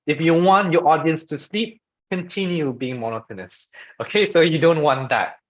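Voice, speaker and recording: A man's voice: fairly high pitch, normal speed. A man giving an informal online lesson on public speaking, talking conversationally and checking in with the audience often. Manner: conversational, frequent "okay" and "all right" check-ins; demonstrates voice patterns by shifting loud and soft. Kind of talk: informal lecture. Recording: dull lo-fi webinar audio.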